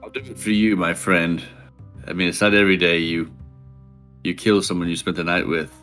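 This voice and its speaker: A man's voice: low voice, fairly even intonation, normal speed, a bit bright, faint music behind. A man playing a tabletop game, talking casually and joking wryly with the group. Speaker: player.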